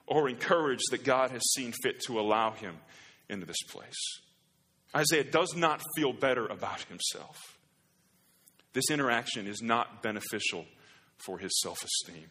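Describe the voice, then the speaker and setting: A man's voice: fairly low pitch, measured pace, bright, forceful tone, husky, long reverb tail. A man preaching a sermon, often repeating the first word of a phrase and rising to strong emphasis. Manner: repeats words at phrase starts, builds to emphatic rises. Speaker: pastor.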